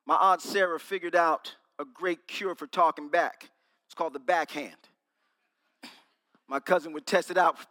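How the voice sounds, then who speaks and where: A man's voice: a little high, fairly even intonation, moderate pace, long pauses, bright, forceful tone, in a large hall. A man preaching a sermon to a small congregation, playfully quizzing and teasing his listeners. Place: small room with an audience.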